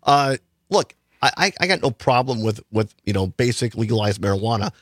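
A man's voice: mid-range voice, lively intonation, fairly quick, a bit bright, no room sound, studio quality. A man hosting a talk radio show, chatting in an opinionated, rambling way with frequent restarts. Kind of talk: casual political talk radio chat.

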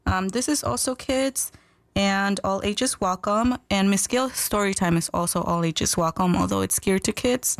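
A woman's voice: medium pitch, normal speed, no room sound. A woman from the library speaking as a guest on a local radio show, explaining events in a friendly, informative way. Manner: friendly, informative, laughs easily. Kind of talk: casual radio interview.

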